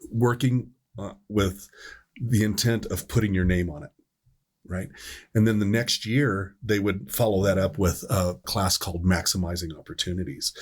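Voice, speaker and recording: A middle-aged man with a low, husky voice chats casually on a podcast. He rambles through an old work story, restarting his sentences as he goes. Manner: rambling, self-correcting storyteller. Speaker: podcast host, EMS worker.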